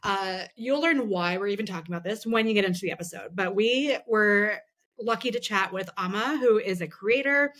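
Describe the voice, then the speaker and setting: Woman co-host, casual chat, chatty, lots of fillers, mid-pitched voice. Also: fairly quick, a bit bright. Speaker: podcast co-host.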